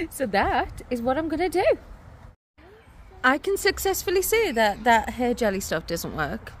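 A woman's voice: fairly high pitch, sing-song, a little slow, slight background noise. A woman vlogging in her garden, chatting casually and laughing often. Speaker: vlogger and mother. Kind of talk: casual chat to camera. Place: outdoors in a garden.

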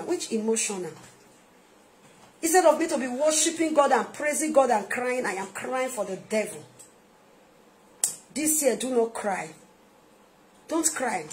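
Preaching with a Nigerian accent, a woman minister gives an emphatic sermon-style video message, restating her points and alternating soft asides with loud outbursts. Her voice sits high.

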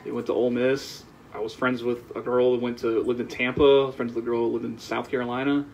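A man from the American South, a guest on a podcast, telling animated stories in casual chat. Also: mid-range voice, quick pace, creaky, a little hiss or hum. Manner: animated storyteller, laughs while telling anecdotes. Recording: slightly dull, lo-fi sound.

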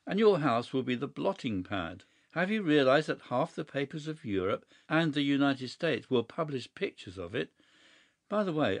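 A man reading a story aloud, voicing a cool, mischievous young gentleman who speaks calmly and matter-of-factly. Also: medium pitch, no room sound, natural voice. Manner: calm, matter-of-fact, sly.

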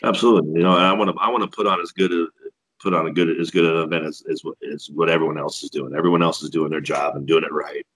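Deep husky-voiced ring announcer. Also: male voice, steady tone, quick pace, a bit bright, poor audio. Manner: laid-back, profane, self-deprecating. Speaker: MMA ring announcer, guest. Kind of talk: casual podcast storytelling.

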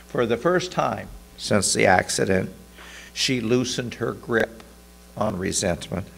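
A man preaching a sermon, narrating a story slowly and deliberately. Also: on the low side, vocal fry, fairly bright tone, slight background noise.

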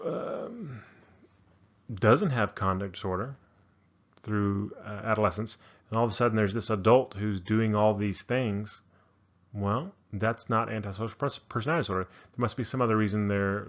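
On a muffled recording, a fairly low-voiced man talks through a relaxed psychology lecture, working out his thoughts as he goes and frequently filling gaps with ums and false starts.

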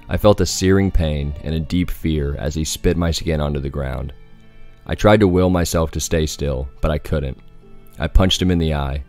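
Very deep-voiced male horror narrator. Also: a little mellow. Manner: measured, dramatic storytelling.

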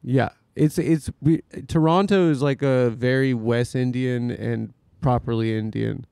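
Podcast host guy tossing out deadpan one-liners, gravelly but smooth, dry close mic. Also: medium pitch, unhurried, no room sound. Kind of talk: casual comedic banter.

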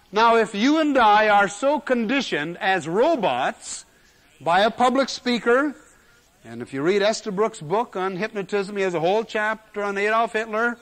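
A man's voice: high voice, a bit bright. A man, possibly older, giving a classroom lecture on general semantics in an emphatic manner, repeating key words for effect, in a 1970s lecture recording.

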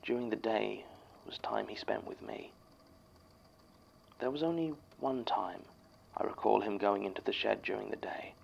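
A man playing an archivist who reads a written statement aloud in scripted horror narration, measured and somber. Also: on the low side, steady tone, creaky, muffled recording, a little hiss or hum.

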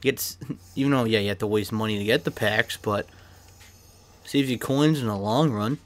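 A young man chatting casually while opening card packs in a video game, excitable and swearing freely, with a cough and an irritated throat. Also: on the low side, moderate pace. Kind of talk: casual pack-opening commentary. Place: his bedroom.

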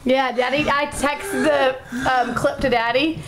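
Brief: thirties mom behind the camera, high voice, playful teasing, crowd noise behind. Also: female voice, fairly even intonation, unhurried, poor audio. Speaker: mother filming her child. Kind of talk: casual family vlog chat. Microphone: handheld camera she is filming with. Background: crowd chatter.

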